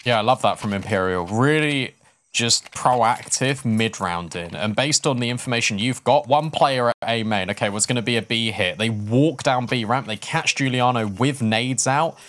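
A man, commentating an esports match with quick analysis and some self-deprecating asides. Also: medium pitch, fairly bright tone. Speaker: esports caster. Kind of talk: play-by-play commentary.

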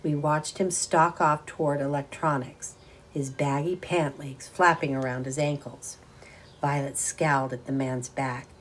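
A woman reads a children's novel aloud with a notably low voice. Her delivery is steady and even, moving through the narration at an unhurried storytelling pace. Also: slight background noise. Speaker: audiobook reader.

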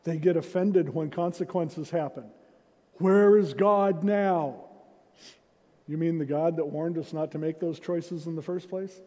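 A man's voice: a little high, steady tone, moderate pace, few pauses, warm tone. A man preaching a sermon as senior pastor, in a conversational way with self-deprecating humor, recorded in a church sanctuary. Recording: reverberant church hall.

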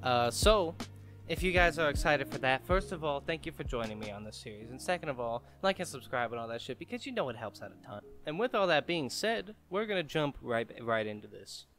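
A man commentating a video game as he plays, excitable, laughing and swearing, talking back to the characters on screen. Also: mid-range voice, a little fast, soft background music. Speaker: gaming YouTuber. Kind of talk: let's play commentary.

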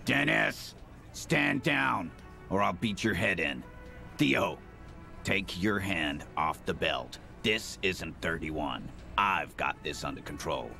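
An actor playing a gruff, commanding male union boss in a game, blunt and world-weary, with a deep gravelly voice. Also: expressive, takes it slowly, pushed and bright, exaggerated voice. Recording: game audio with music behind. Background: music.

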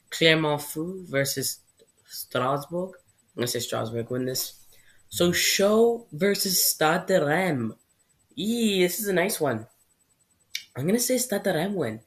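A young man from Canada hosts a casual football vlog with a mid-range voice. He rambles through his picks in a chatty, offhand way and stumbles over hard names. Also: mid-range voice. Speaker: football channel host.

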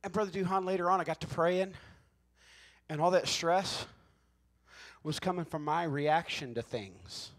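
A male pastor delivering a Pentecostal sermon in a conversational, folksy way, joking with the congregation and swinging between hushed asides and loud, emphatic shouts. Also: a little high, unhurried.

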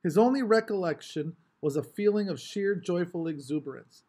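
A man reading a novel aloud with expressive, varied storytelling. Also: sits high, moderate pace, slightly rough. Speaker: audiobook reader.

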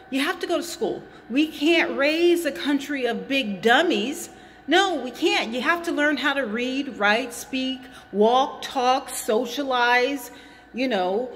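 A woman's voice: high voice, a bit bright, long reverb tail, a little hiss or hum. A woman vlogging from a hot garage, rambling and indignant as she repeats her points while chewing gum. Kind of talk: casual opinion vlog.

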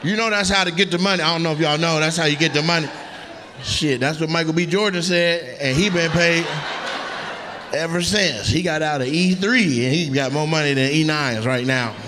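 At normal speed and in a slightly high voice, a male comedian mocks audience members brashly and profanely during crowd work on a club stage. The background is noisy, and the live audio picks up loud crowd laughter.

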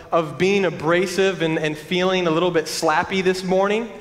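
A pastor preaching a sermon in an earnest, conversational way with frequent restarts. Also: male voice, sits high, steady tone, moderate pace, few pauses, a bit bright. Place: large church sanctuary. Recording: long church-hall reverb.

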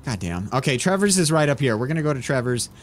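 A man's voice: mid-range voice, very animated, quick pace, a little hiss or hum, natural voice. A man playing an exasperated young man minding his cousin in an improvised game role-play, flustered and coaxing. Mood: reassuring.

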